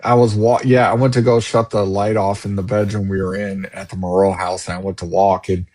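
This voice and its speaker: Male paranormal investigator, slightly low voice, excitable casual talker. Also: fairly quick. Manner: excitable, repeats words. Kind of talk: casual chat.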